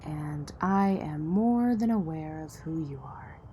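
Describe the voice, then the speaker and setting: A woman playing a blunt, distrustful young woman from a poor neighborhood in an audio drama, sharp-tongued and sarcastic. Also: sits low, lively intonation, takes it slowly, slight background noise.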